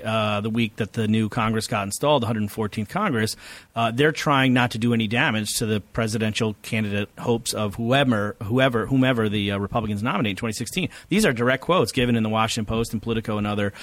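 Middle-aged man, academic guest, rapid lecture-style delivery, dry close recording. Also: fairly low pitch, a bit bright, no room sound. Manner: rapid, detailed, lecture-like explaining. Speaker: political science professor and author guest. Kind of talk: explanatory interview answers.

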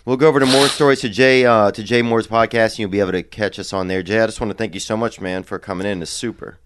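A man hosting a podcast in casual chat who speaks softly and haltingly, often trailing off. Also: fairly low pitch, fairly even intonation. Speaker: podcast host.

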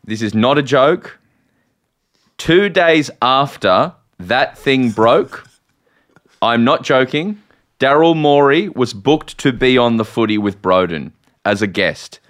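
An Australian man hosting a podcast, telling a story in an excitable, rambling, self-mocking way. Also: medium pitch, takes it slowly. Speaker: podcast host. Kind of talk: casual podcast chat.

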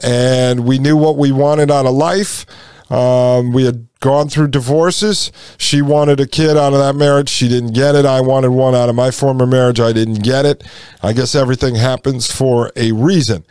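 A man's voice: medium pitch, fairly even intonation, normal speed, darkish tone, clear, resonant tone, no room sound, studio quality. A man in his forties hosting a podcast, telling a personal story in a casual, conversational way and acting out the dialogue he quotes. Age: 40s. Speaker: podcast host.

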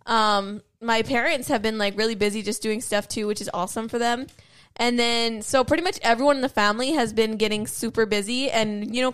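A woman's voice: fairly high pitch, fairly bright tone, smooth. Chatty young woman vlogger. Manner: chatty, says like a lot. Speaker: YouTuber. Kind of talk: casual chat.

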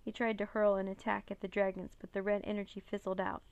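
A woman narrating a children's chapter book in a steady, plain reading voice on a close mic. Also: mid-range voice, fast, no echo, lo-fi sound. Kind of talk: storybook read-aloud.

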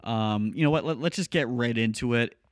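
A man's voice: mid-range voice, brisk, no echo, studio quality. A man hosting a podcast, introducing segments in a casual, chatty way. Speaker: podcast host.

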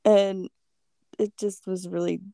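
A woman with a gravelly, fry-tinged voice tells a story in relaxed, casual chat. Her tone is mellow and dark, and it is recorded dry and close. She swears freely and fills her lines with "like.". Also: medium pitch, slow pace, no room sound. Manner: laid-back, swears freely, lots of "like".

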